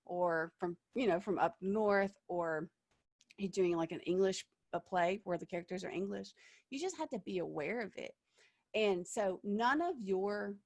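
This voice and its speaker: A woman's voice: medium pitch, gravelly, no room sound, studio quality. Chatty woman director coaching actors. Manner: chatty and encouraging, frequent fillers and laughs. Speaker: theatre director leading an audition workshop. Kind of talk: online workshop talk. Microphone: video call.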